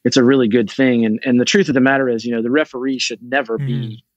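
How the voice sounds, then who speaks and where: A man's voice: medium pitch, level tone, fast talker, dry recording, muffled recording. A middle-aged man, a race director and podcast guest, chatting casually as a storyteller who restarts his sentences often. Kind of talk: casual chat.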